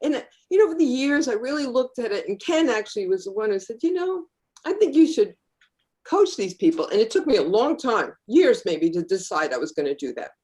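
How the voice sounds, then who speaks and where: A middle-aged woman, a life coach, talks thoughtfully in a casual podcast conversation. Her pitch sits in the middle range, and she often pauses with "uh" as she gathers her thoughts. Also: very animated, darkish tone. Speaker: healing practitioner and life coach guest.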